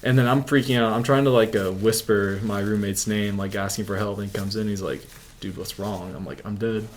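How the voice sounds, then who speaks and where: A man's voice: fairly low pitch, fairly even intonation, fairly quick, slight background noise. A young man telling a story as an interview guest, rambling, with filler "like" in nearly every sentence. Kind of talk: casual storytelling.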